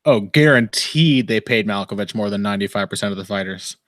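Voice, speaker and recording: With a fairly low, slightly bright voice and a fairly quick pace, this podcast host runs a casual live fight commentary stream. He rambles with dry wit, swears freely and laughs often. The audio comes through a desk mic with headphones, and there's no echo.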